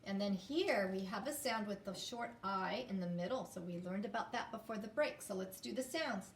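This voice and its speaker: A woman teaching a phonics lesson to young children, sounding words out slowly and inviting them to repeat after her. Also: mid-range voice, echoey room, recorded from a distance, slight background noise. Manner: slow, drawn-out sounding out of words.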